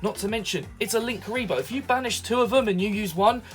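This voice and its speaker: A man giving hyped solo video commentary as a card game deck reviewer, excitable and salesy. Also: sits high, fast, faint music behind. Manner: excitable, salesy, hypes everything.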